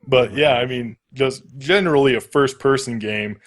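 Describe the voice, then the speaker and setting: A man joining a gaming show as a guest over an internet call. He talks loosely and easily, chuckling along with the host. His voice sits at an ordinary middle pitch. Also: moderate pace. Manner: easygoing, laughing along. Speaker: guest game video maker.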